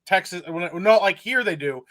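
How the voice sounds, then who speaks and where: A man's voice: high voice, lively intonation, moderate pace, a bit bright. A man from Michigan with a Michigan accent, joking and teasing in a casual stream chat. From Michigan, USA.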